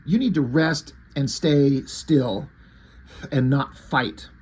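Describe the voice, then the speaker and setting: A man reading the lines of a calm, brilliant comic-book scientist in his own husky voice. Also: medium pitch. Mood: reassuring. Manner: reassuring, measured.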